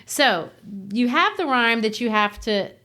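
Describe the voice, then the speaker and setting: A woman's voice: a little high, lively intonation, measured pace, pushed and bright. A woman who teaches, co-hosting a podcast in a casual, explanatory way and tapping out rhythms as she explains.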